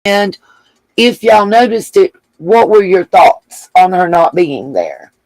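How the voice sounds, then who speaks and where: A woman's voice: on the low side, animated, slow, a little mellow, dry recording, low-quality recording. A woman hosting a casual livestream, reading viewer comments aloud and thanking them with gushing endearments. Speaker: livestream host.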